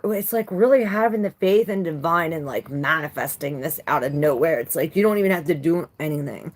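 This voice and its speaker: A woman's voice: sits low, expressive, a little fast, hardly any pauses. A woman doing a casual live tarot reading who talks loosely, swears freely and greets viewers by name. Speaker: tarot reader.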